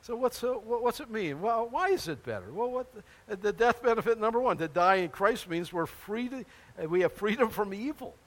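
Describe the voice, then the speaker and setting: An older man, a pastor, preaching a sermon in an animated, exclaiming way, full of rhetorical questions and quick restarts. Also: sits high.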